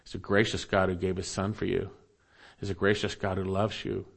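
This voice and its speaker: A man's voice: sits low, flat delivery, fairly quick, gravelly, slightly rough. A man preaching a sermon to his congregation, reading scripture aloud and earnestly repeating his key phrases. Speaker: pastor.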